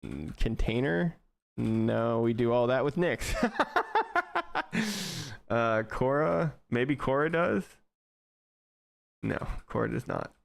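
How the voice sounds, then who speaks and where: A young man live-streaming as he codes, talking casually to his chat, laughing often and thinking out loud with restarts. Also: mid-range voice, slow pace, creaky.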